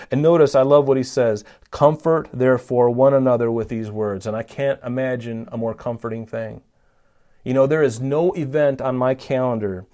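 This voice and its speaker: A man's voice: fairly high pitch, mellow. A man preaching a sermon, teaching from scripture in an earnest, emphatic way and addressing listeners who are not in the room. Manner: earnest, emphatic Bible teaching with rising stress on key lines.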